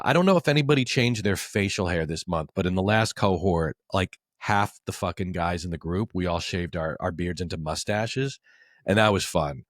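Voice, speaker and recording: A man's voice: low-pitched, no room sound, studio quality. A man in his forties, a men's coach, talking in a podcast conversation with an emphatic coaching delivery.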